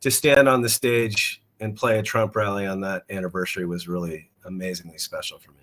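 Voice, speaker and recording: A man with a fairly low voice talks casually as a guest on a podcast. He pauses and repeats words as he gathers his thoughts. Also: steady tone, a bit bright, low-quality recording. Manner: halting, repeats words while thinking. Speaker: guest musician. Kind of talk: casual interview chat.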